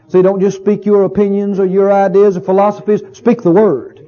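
Brief: male pastor preaching with a high, mellow voice, folksy and emphatic, on a muffled recording. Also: steady tone, fairly quick, few pauses. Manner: folksy, emphatic, repeats phrases. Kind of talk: sermon. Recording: dull lo-fi recording.

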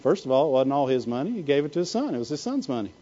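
A man's voice: mid-range voice, big pitch swings, very fast, dark tone, lo-fi sound. A man preaching a sermon, asking the congregation "Amen?" and "Why?" again and again. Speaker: pastor.

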